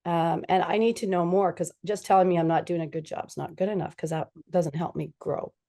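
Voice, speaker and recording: Woman doctor chatting on a podcast, kinda low mellow voice, acts out little dialogues. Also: brisk. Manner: animated, acts out quoted dialogue. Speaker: physician and guest. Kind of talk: conversational podcast interview.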